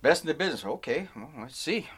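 A man's voice: a little high, quick pace, breathy edge. Man rambling through a long work story. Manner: rambling, animated anecdote with self-interruptions. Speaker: podcast co-host telling a story. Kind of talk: casual storytelling chat.

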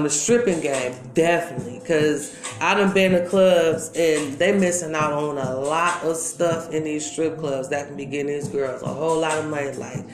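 A middle-aged woman from Milwaukee, a former dancer giving an interview, telling stories in candid, slangy casual talk. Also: deep voice. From Milwaukee, Wisconsin. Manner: candid, slangy storytelling with frequent asides. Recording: echoey room with loud music behind.

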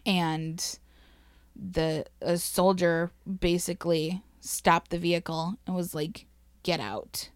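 A woman's voice: fairly low pitch, flat delivery, takes it slowly, smooth, no room sound. A woman casually telling a history story to a co-host, swearing freely, laughing and getting emotional.

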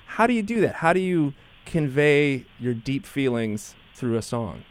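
A man's voice: mid-range voice, very animated, measured pace. Playful man co-hosting a comic podcast. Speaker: podcast co-host.

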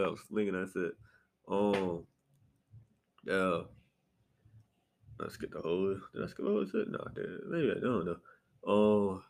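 A man hosting a casual solo podcast from his apartment, swinging between sudden high exclamations and low mutters. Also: normal speed, vocal fry, long pauses. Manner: animated, jumps into sharp high outbursts then drops to low mutters. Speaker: podcast host. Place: apartment room.

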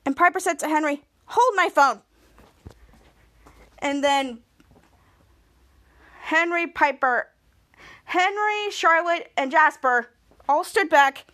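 A woman's voice: high-pitched, takes it slowly, long pauses, sharp tone. A woman hosting a podcast, retelling an episode in a rambling run-on way, stringing everything together with "and". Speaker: podcast host. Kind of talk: casual episode recap.

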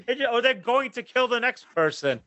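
Animated, bright-voiced storytelling man. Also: very high voice, brisk, no room sound, dull audio. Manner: animated storyteller, swears, acts out his own rants. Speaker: podcast host telling a road trip story. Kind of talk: casual chat.

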